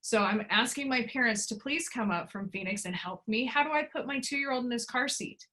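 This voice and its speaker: Frustrated, emphatic woman, bright voice. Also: on the high side, a little fast. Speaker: interviewee. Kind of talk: emotional personal interview.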